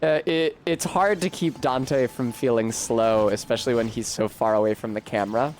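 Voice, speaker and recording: A man's voice: mid-range voice, normal speed, a little mellow, slight background noise. A man streaming a video game, chatting casually in a rambling, profane, self-deprecating way. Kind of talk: casual gameplay commentary.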